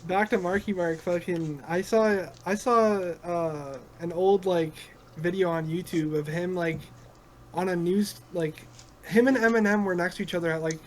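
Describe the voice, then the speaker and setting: A young man co-hosting a casual podcast, eager and quick to agree with his partner. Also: high voice, fairly even intonation, a little hiss or hum. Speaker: podcast co-host. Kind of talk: casual chat.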